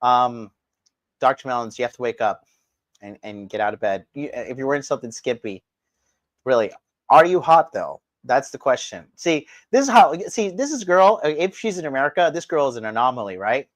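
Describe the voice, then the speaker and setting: With a sing-song lilt in his mid-range voice, the dating coach talks at a moderate pace while reading his livestream chat and ranting bluntly and profanely. He's indoors in Japan, with no room sound.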